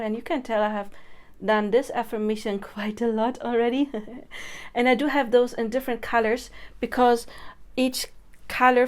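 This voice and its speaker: A young woman coaching viewers on affirmations in a chatty, casual way, laughing often. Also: fairly high pitch. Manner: chatty, laughs often, demonstrates chants and loud incantations. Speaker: manifestation coach. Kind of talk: casual teaching to camera.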